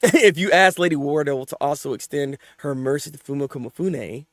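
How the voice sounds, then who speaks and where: A man hosting a live manga reaction, talking in casual slang, often laughing and swinging between mumbled asides and loud excited outbursts. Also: a little high, normal speed, dry recording, clean studio sound.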